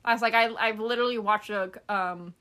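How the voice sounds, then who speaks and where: A woman's voice: fairly high pitch, brisk. A woman podcast host casually telling a story, acting out the people she quotes and swearing offhandedly. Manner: animated, acts out quoted people.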